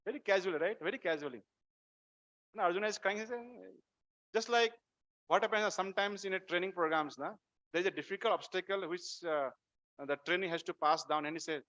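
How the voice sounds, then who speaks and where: Male temple speaker with an Indian English accent; animated scripture talk, raised and sharp-toned, captured on a muffled recording. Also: high-pitched, a little fast. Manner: animated, acts out quotes, asks listeners rhetorical questions. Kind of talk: devotional lecture on scripture.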